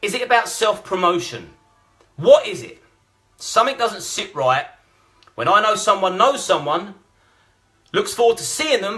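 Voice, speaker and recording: A man's voice: high voice, pushed and bright. A blunt, combative man, ranting and swearing through live-stream commentary. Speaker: vlogger.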